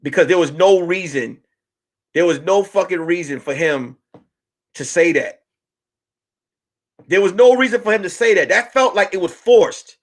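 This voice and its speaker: A male comedian hosting a live stream, ranting in an animated, profane way with many restarts. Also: high voice, normal speed, pauses often. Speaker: comedian host.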